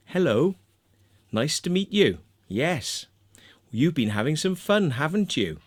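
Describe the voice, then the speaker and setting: A man's voice: medium pitch, dry recording. A man, telling a story in a blunt, aggressive, sweary way and tagging his sentences with "right?". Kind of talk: profane storytelling monologue.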